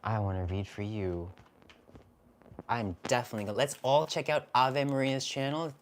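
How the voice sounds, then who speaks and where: Gentle live-stream card reader. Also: mid-range voice, fairly even intonation, moderate pace, slight background noise. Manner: soft, gentle, heartfelt; speaks of spirit and guidance.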